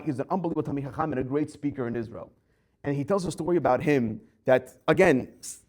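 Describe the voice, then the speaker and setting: A man giving a Torah class as a rabbi, telling a story with lively acted-out dialogue. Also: mid-range voice. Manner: animated storyteller acting out quoted voices.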